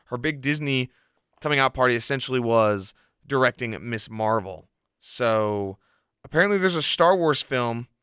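Guy rattling off movie news on his podcast, smooth clear voice, dry close mic. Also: mid-range voice, moderate pace, no echo. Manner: chatty, animated, lots of "like". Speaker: podcast host. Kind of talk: casual podcast chat, reading news.

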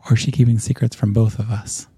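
A man voicing a gentle middle-aged mother who talks softly and encouragingly, with hesitant pauses. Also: lowish voice, flat delivery, slightly rough, no room sound. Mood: reassuring.

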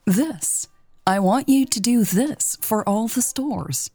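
A woman's voice: a little high, takes it slowly, dark tone, breathy edge, no echo, voice pushed up, exaggerated voice. A woman doing a confident, purring boss lady. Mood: eager. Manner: purring, enthusiastic. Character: confident, playful female chocolate boss.

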